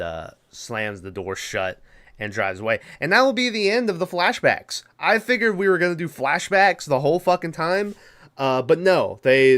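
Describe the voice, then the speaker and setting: A man hosting a podcast, casually recapping a movie plot in a loose, profane, rambling way with quick mock voices. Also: medium pitch, a bit bright, clean tone. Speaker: podcast host.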